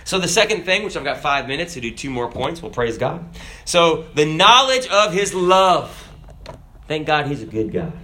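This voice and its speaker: A man's voice: on the high side, sing-song, normal speed, sharp tone. A man preaching a sermon, asking the congregation rhetorical questions and reading scripture aloud.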